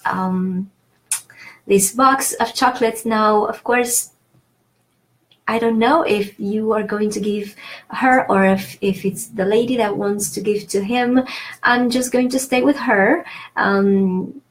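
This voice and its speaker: Woman, language teacher, slow delivery, patient explaining, frequent fillers. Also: mid-range voice. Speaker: French teacher. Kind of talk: online language lesson.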